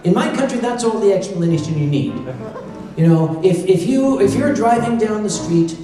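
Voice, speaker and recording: High-voiced man telling a story in a hall. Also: moderate pace, far from the mic. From North Carolina. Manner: animated, exaggerated asides and sound effects. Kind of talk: live comic storytelling. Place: large convention hall. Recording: echoey hall recorded from afar.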